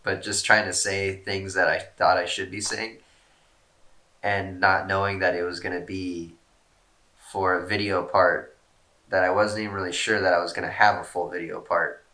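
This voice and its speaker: A man's voice: deep voice, level tone, normal speed, pushed and bright. A man casually reading out fan questions and answering them in a rambling, laid-back way, swearing often and joking at his own expense. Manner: self-mocking jokes.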